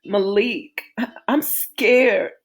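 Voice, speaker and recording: A woman's voice: mid-range voice, drawn-out words, voice pushed up. A woman reading the part of Natasha, a scared young woman patient who speaks with hesitation. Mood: frightened. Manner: hesitant, shaky.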